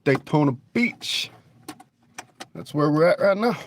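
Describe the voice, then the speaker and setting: A relaxed man talks to his livestream chat from his phone, pitched a touch high. He takes his time, drawling along and cracking jokes with a loose, profane ease. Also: measured pace, a little hiss or hum. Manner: laid-back, joking, swears freely, talks to chat. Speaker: livestream host. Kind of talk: casual livestream chat with viewers. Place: outdoors at night near a store parking lot. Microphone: phone camera.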